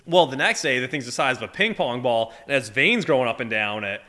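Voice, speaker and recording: Lively, bright-voiced young man telling stories. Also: mid-range voice, fast talker. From Massachusetts. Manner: animated, heavy "like" fillers, acts out voices in his stories. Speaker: podcast guest. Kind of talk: casual storytelling.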